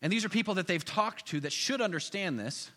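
A man's voice: high-pitched, brisk, big-room sound. A man preaching a sermon in a church, telling the story with energy and acting out the people in it. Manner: animated storytelling, acts out voices, chuckles. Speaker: pastor. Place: church sanctuary.

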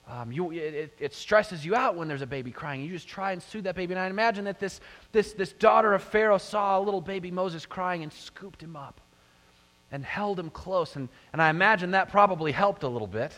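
A middle-aged man preaching a sermon to a congregation, telling stories and asking the listeners questions. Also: on the high side. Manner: storytelling, animated, addresses the congregation with questions. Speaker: pastor. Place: church sanctuary. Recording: long hall reverb.

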